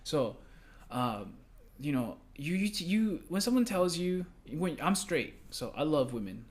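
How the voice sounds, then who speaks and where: A young man talks casually on a podcast, rambling and swearing freely. His pitch jumps up and down a lot as he gets worked up telling stories from his front-desk job. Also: measured pace. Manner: rambling, profane, animated storytelling. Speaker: podcast co-host.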